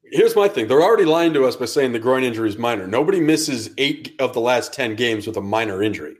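A man's voice: mid-range voice, lively intonation, fast. A man with a New York accent, co-hosting a sports podcast in casual chat, ranting heatedly and swearing. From Connecticut. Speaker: podcast co-host.

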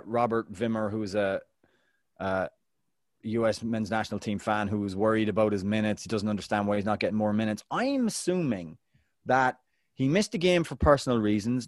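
Male podcast co-host, lively storyteller, dry close-miked sound. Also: no echo. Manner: animated storyteller, big pitch swings. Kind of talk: casual football chat.

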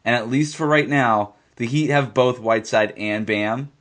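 Man, mid-pitched voice, podcast co-host; emphatic and repetitive when driving home a point. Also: moderate pace, fairly bright tone. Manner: emphatic, repeats points for stress. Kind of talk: casual sports talk.

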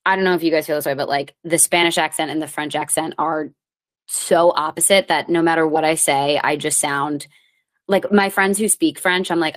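A thirty-year-old woman and comedian hosting her podcast, chatting casually with a rambling, self-mocking manner and sudden animated bursts. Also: sits low, brisk. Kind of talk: casual solo chat. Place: lives in New York.

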